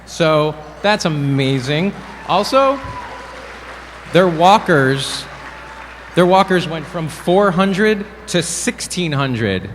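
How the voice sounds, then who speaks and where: A man presenting awards at a ceremony, cracking playful deadpan jokes. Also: a little high, takes it slowly. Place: event hall. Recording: reverberant hall, faint room noise.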